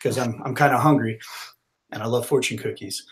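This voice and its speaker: A man talks through his turn in a tabletop game in an easy, rambling way. His voice is mid-pitched and ordinary, and he often restarts his sentences. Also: steady tone, a little fast. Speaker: player.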